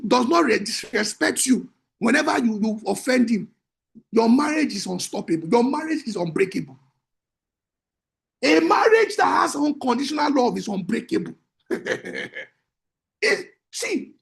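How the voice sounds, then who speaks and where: A man, a marriage coach teaching in an emphatic, repetitive preaching style that breaks into shouts. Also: extremely high pitch, vocal fry.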